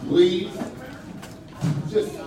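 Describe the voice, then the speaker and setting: A man speaking earnestly during public comment at a council meeting, often repeating himself as he pleads. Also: very slow. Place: large meeting hall with a crowd. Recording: echoey hall, distant, crowd noise.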